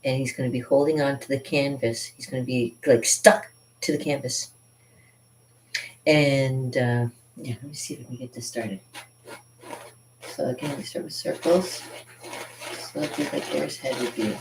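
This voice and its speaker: A woman's voice: extremely low pitch, fairly even intonation, normal speed, long pauses, a little hiss or hum. A woman artist hosting a live drawing stream, chatting casually and rambling with frequent laughs as she teaches.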